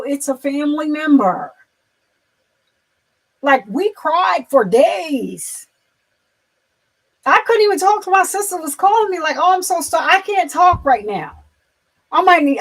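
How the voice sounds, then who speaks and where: A woman chatting casually on a livestream, rambling with many fillers and restarts, turning soft and emotional as she speaks of loss. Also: high voice, poor audio. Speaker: livestream host.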